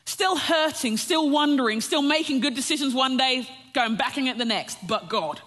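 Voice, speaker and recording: A woman's voice: high-pitched, lively intonation, moderate pace, fairly bright tone. A woman preacher telling a personal testimony, storytelling and often breaking into a laugh as she addresses the listeners as friends. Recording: long reverb of a large hall.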